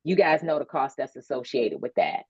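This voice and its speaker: A woman's voice: rumbling low, big pitch swings, normal speed, darkish tone, breathy edge, dry recording, highs cut off. A woman moderating a webinar conversation, telling her story candidly and emotionally, with colloquial asides. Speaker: panel moderator.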